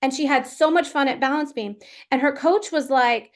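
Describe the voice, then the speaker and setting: A woman performance coach telling a story in a chatty, animated way during a live question-and-answer session. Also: high voice, normal speed.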